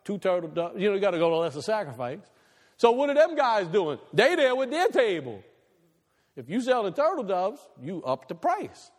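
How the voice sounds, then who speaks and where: A male pastor preaching a sermon, animated, swinging between loud bursts and quiet, low asides. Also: moderate pace. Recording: long reverb in a large hall.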